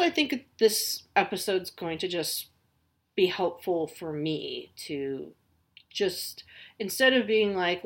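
Gravelly-voiced woman in her forties chatting. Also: fairly low pitch. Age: 40s. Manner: rambling, candid, with many restarts and fillers. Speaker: podcast host. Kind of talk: casual personal monologue.

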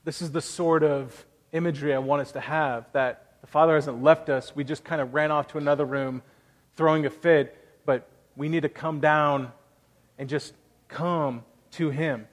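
Earnest pastor, ringing church reverb. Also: male voice, a little high, fairly even intonation, normal speed. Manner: earnest, conversational preaching with personal stories. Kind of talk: sermon.

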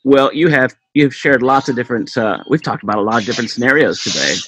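A man hosting an interview, talking haltingly and repeating words as he gathers his thoughts. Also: medium pitch, animated, fairly bright tone, husky. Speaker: podcast host. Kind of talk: casual interview chat. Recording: dull lo-fi audio with faint noise.

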